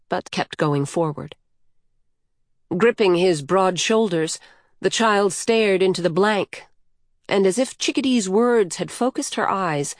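A woman reading a novel aloud in measured, even storytelling. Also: lowish voice, no echo, clean studio sound. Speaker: audiobook narrator. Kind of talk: scripted narration.

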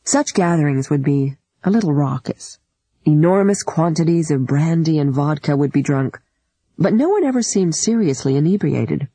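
Mellow, husky audiobook narrator. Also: mid-range voice, expressive, normal speed, no room sound, poor audio. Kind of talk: scripted literary narration.

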